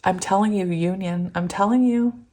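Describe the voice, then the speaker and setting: A young woman doing a tarot reading, giddy and giggly, breaking into excited squeals of laughter. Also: mid-range voice, moderate pace. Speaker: tarot reader. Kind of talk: pick-a-card tarot reading.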